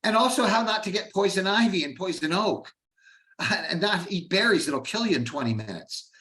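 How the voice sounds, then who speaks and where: A man with a fairly high voice gives an informal history lecture. He talks in a chatty way, drops in asides and rhetorical questions, and often trails off into fillers. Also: animated, normal speed, sharp tone. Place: Canada.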